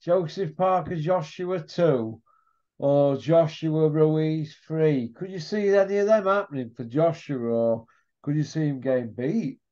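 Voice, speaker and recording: A man's voice: fairly high pitch, warm tone. Bantering man on a dull line. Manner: banter-y, quick questions, laughs at his own jokes. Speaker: podcast co-host. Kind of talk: casual chat about boxing.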